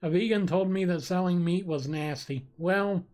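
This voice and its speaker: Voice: medium pitch, moderate pace, a little mellow. A live streamer in casual chat who reads viewers' jokes aloud and laughs at them often, with a desk microphone. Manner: giggly, reacts with frequent laughter.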